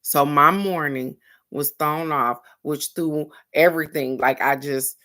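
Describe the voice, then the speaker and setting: A woman hosting a daily card reading show, chatting casually with her viewers. She tells a lively story, acts out other people's voices and speaks bluntly, with the odd curse word. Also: sits low, unhurried. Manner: animated storytelling, acting out quoted voices, addressing viewers directly. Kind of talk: casual spiritual chat to viewers.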